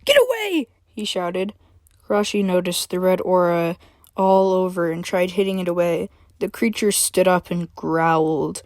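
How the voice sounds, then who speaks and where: A woman's voice: on the low side, flat delivery, unhurried, darkish tone, no echo, clean studio sound. A woman reading her own story aloud, after a chatty introduction with fillers.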